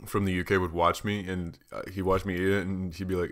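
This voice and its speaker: A man's voice: sits low, little pitch movement, fast, hardly any pauses, fairly bright tone. A young man co-hosting a casual podcast, telling rambling, exaggerated stories full of swearing. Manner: rambling, exaggerated storytelling with profanity. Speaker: podcast co-host. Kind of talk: casual chat.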